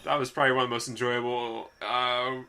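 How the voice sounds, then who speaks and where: A man's voice: mid-range voice, flat delivery, a little fast, bright, forceful tone, clean tone. A young man co-hosting a casual movie podcast, rambling and correcting himself as he talks, often laughing. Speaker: podcast co-host.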